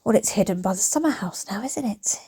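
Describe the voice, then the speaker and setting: A woman's voice: mid-range voice, lively intonation, brisk, dark tone, husky, no echo. A woman of around forty, rambling chattily to camera in her back garden as a DIY vlogger, her throat going dry. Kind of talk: chatty vlog talk to camera. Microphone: phone camera.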